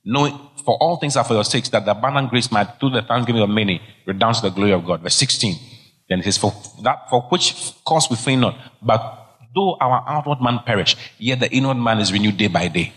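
A man's voice: lowish voice, a little fast, fairly bright tone. A middle-aged man preaching a sermon, emphatic and exhorting, repeating key phrases. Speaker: pastor. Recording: long hall reverb.

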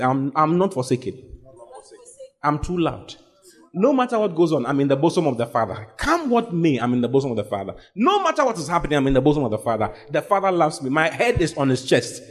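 A man preaching with a higher-than-usual voice that swoops up sharply on key phrases. He reads verses slowly and deliberately, repeating lines for emphasis. The delivery is emphatic and animated throughout. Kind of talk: sermon with scripture reading.

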